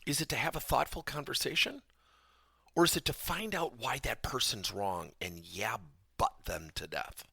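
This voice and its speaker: A man with a gravelly, bright-edged voice delivers a podcast lesson. His pitch swings widely as he tells stories, and the sound is dry and close, with a husky grain. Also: moderate pace, no room sound. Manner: animated storytelling, acts out dialogue in raised voice. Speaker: podcast host and trainer.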